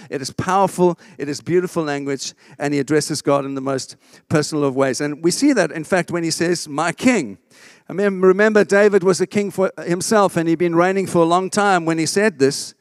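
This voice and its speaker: Man, pastor preaching, emphatic, call-and-response, raised pitch, dry sound. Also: no echo. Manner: emphatic, asks the congregation for response. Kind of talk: sermon.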